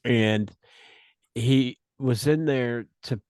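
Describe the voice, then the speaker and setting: A man's voice: mid-range voice, extremely slow, a little mellow, smooth, no echo, clean studio sound. A man chatting as a podcast guest, telling a story in an easygoing way, full of "you know" and restarts. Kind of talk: casual chat.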